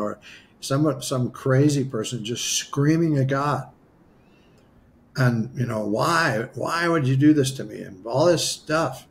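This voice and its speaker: A man with a gravelly, creaky voice recounts a personal story in an interview. He talks conversationally, full of asides and restarts, and he animatedly acts out what he once said. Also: mid-range voice, slight background noise. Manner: animated, acts out his own past dialogue. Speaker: spiritual healer guest.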